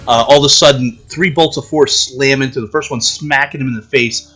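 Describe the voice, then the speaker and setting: A man's voice: medium pitch, steady tone, fairly quick, fairly bright tone, breathy edge, soft background music. A man running a tabletop game as game master, narrating combat in gory detail and often laughing.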